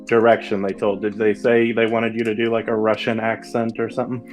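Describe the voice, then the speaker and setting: Casual man asking halting questions. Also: on the low side, completely flat delivery, faint music behind. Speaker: co-host. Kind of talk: casual video-call interview.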